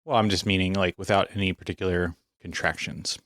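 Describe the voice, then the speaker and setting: A man co-hosting a podcast, talking casually in a measured, teasing way and asking questions. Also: low voice, steady tone, a bit bright, no room sound, studio quality. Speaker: podcast co-host. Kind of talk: casual chat.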